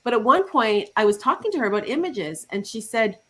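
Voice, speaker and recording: A woman's voice: a little high, brisk. A woman life coach, a guest on a talk show, chatting casually and telling client stories with acted-out quotes. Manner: animated storytelling with acted quotes. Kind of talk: casual interview chat.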